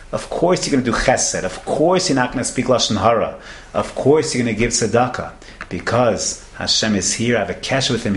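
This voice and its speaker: A man giving a sermon, emphatic and storytelling, repeating phrases for effect. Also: lowish voice. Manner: storytelling, emphatic repetition, Hebrew terms. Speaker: rabbi. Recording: echoey room with faint noise.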